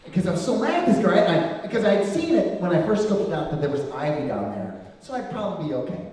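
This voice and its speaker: A man's voice: sits high, sing-song, fast talker, a little mellow. A man doing stand-up comedy, telling an anecdote with lots of fillers on a club stage. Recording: echoey hall, distant mic, audience.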